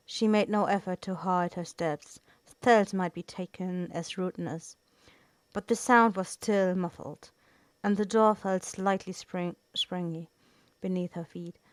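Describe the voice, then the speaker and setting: Slow, low-voiced woman reading a novel. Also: steady tone, dry recording. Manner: stumbling, restarts words. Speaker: reader.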